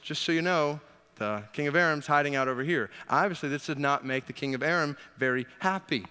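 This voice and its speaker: A man preaching a sermon, retelling a Bible story in an animated way with quips to the congregation. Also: fairly high pitch, clear, resonant tone, in a large hall. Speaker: pastor.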